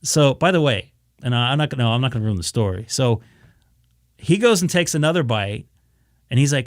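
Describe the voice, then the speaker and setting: A man's voice: a little high, brisk, long pauses, dry recording, clean studio sound. A man on a ham radio live stream, casually telling a story and acting out his own reactions. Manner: animated, acts out his own reactions, many restarts.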